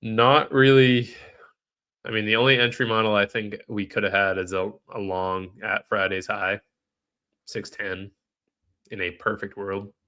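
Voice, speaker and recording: A man's voice: lowish voice, little pitch movement, normal speed, sharp tone. A man with a nasal, stuffed-up voice, live-streaming trading commentary in a casual way, thinking aloud and answering chat questions.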